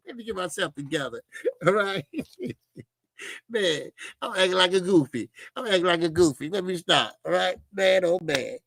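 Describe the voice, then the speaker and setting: A man's voice: high voice, lively intonation, measured pace, long pauses, fairly bright tone, no echo. A man hosting a boxing channel, talking loosely to his viewers, rambling and laughing between asides. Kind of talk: casual livestream commentary.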